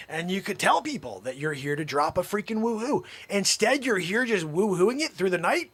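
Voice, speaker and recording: A man's voice: a little high, sing-song, moderate pace, fairly bright tone. A man hosting an improvised live comedy stream, rambling and mock-scolding someone off-camera. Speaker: livestream host.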